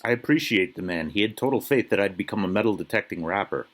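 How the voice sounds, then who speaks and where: A man's voice: fairly low pitch, lively intonation, quick pace, a little hiss or hum. A man giving dry, joking commentary about metal detecting. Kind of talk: casual commentary.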